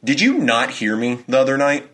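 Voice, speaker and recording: A man's voice: medium pitch, very animated, normal speed, fairly bright tone. A young adult man co-hosting a podcast, telling a story in casual chat with heavy swearing. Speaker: podcast co-host.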